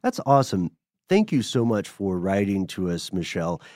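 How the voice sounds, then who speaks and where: A man's voice: deep voice, normal speed, no room sound, studio quality. A man co-hosting a podcast, casually reading listener letters aloud and chatting, from the US South. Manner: relaxed, reads letters aloud with chuckles. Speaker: podcast co-host.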